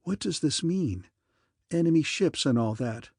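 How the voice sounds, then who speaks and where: A frightened woman stranded in space , read by a man, with a weak, thin voice lifted slightly higher. It is recorded close and dry for an audiobook. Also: lively intonation, measured pace, creaky, a little mellow, breathy edge, dry recording, exaggerated voice. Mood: shaken.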